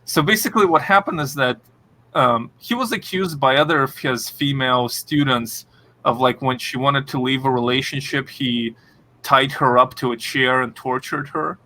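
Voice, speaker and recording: Bright-voiced man, halting casual talk. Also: mid-range voice, slight background noise. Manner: halting, many fillers and restarts. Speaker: podcast co-host. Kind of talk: casual chat.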